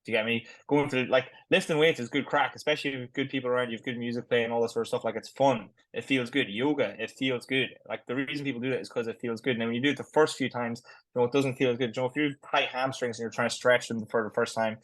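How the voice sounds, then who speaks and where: A man chats quickly on a podcast, his words tumbling out with lots of "like". His voice sits at a middle pitch. It is recorded close and dry, with no room sound. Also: fairly even intonation, a bit bright, no room sound, low-quality recording. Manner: quick, chatty, sprinkled with "like". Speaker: podcast co-host. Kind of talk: casual chat.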